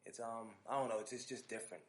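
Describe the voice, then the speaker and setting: A man hosting a podcast, telling an animated, casual story full of restarts and asides. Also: medium pitch, fast talker. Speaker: podcast host.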